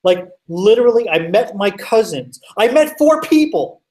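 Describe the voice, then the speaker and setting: Brief: male guest, animated chatty storyteller with fillers and swearing, sits back from the mic. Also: high voice, normal speed, far from the mic, low-quality recording. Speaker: podcast guest. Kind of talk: casual storytelling.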